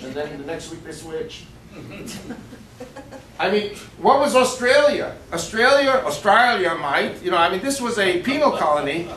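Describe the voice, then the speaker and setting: Brief: male guest speaker with a fairly high voice, punchy and talking straight to the crowd, picked up by a far-off mic in an echoey banquet room with faint ambience behind him. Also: a bit bright, slight background noise. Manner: emphatic, conversational, asks the audience questions. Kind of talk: lecture to a club audience, with jokes. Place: banquet room of a shooting sports store.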